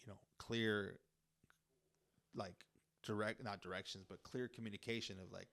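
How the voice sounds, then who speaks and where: A man's voice: lowish voice, steady tone, moderate pace, vocal fry, long pauses, fairly bright tone. A man co-hosting a podcast in a casual chat, easygoing and agreeable, laughing often. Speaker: podcast co-host.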